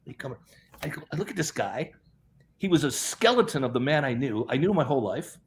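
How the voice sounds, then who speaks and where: A middle-aged health practitioner, appearing as an interview guest, tells a long, rambling story at a brisk pace. His medium-pitched voice swings widely, and he often repeats words and quotes others in his own voice.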